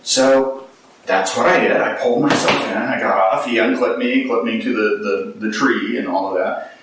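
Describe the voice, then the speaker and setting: A man in his forties telling a personal story to a live audience, animated and self-mocking, acting out what people said. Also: lowish voice, moderate pace, slight background noise. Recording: echoey hall, distant mic.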